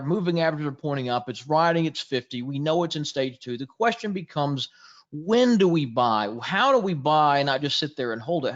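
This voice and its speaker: A man's voice: mid-range voice, fairly bright tone, muffled recording. A man presenting a live trading webinar, chatty and jokey, greeting viewers in the chat as he goes.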